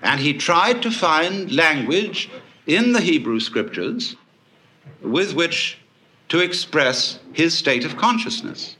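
A man giving a public lecture to an audience, telling stories in a wry, animated way with swooping emphasis. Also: a little high, slow, slight background noise.

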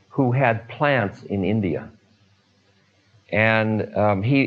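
An older man in a relaxed storytelling talk, unhurried, trailing off into fillers and asides as a spiritual teacher. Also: on the low side, highs cut off. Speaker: spiritual teacher telling stories.

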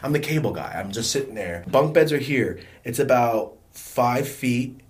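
Give me a young man from California doing a lively, profane storytime in an average-pitched voice. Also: moderate pace. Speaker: vlogger. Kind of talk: casual storytime.

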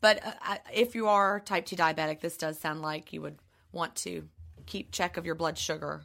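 A woman with a subtle Southern accent co-hosting a podcast, a bit hoarse, chatting and reading listener mail aloud. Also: sits low, fairly even intonation, normal speed, fairly bright tone. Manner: chatty, laughs often, reads letters aloud. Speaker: podcast co-host.

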